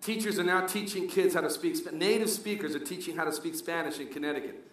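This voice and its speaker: A middle-aged man from Colombia performs a stand-up set in an animated style, weaving Spanish into English. His voice sits fairly high for a man. The recording is heavily echoey and distant, with a crowd audible throughout. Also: fast talker. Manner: animated, switches between English and Spanish, acts out characters. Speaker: stand-up comedian. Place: comedy club stage with live audience.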